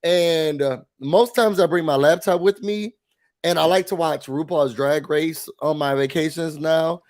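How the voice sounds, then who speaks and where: A man chats through a reality-show recap. He sounds nasal from a cold and livens things up by acting out quotes, sometimes with big shouts. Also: on the high side, unhurried. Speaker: podcast co-host. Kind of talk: casual recap chat.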